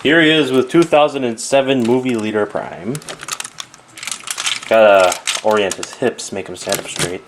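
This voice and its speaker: Background noise runs under this toy review, delivered by a man whose voice is on the low side and moves at a moderate pace. He rambles casually and offhandedly, correcting himself mid-sentence often.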